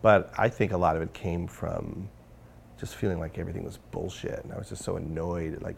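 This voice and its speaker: Gravelly low-voiced man, rambling and candid. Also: steady tone, fairly quick, a little hiss or hum. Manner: candid, rambling with many fillers and restarts. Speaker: guest. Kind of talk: casual interview conversation.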